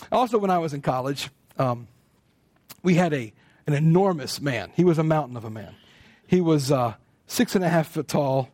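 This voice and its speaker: An American man preaching a sermon, telling stories in an animated way and acting out what people say. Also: sits high, moderate pace, no echo, studio quality. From United States. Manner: animated storytelling, acting out quoted speech.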